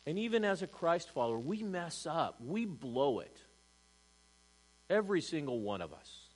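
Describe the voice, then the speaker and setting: Man preaching, loud then hushed. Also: a little high, big pitch swings, normal speed, low-quality recording. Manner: dynamic, swings from loud emphasis to hushed, rhetorical questions. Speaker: pastor. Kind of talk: sermon. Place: church service.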